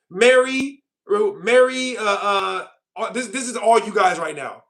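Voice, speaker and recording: A man's voice: sits high, moderate pace, a bit bright. A young man hosting a casual livestream, ranting at and mocking his chat. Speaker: livestream host.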